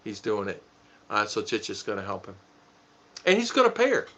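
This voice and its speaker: A man's voice: lowish voice, huge pitch swings, moderate pace, sharp tone. A middle-aged man hosting a casual live stream, chuckling and rambling as he reads comments and thanks viewers by name. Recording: dull lo-fi stream audio.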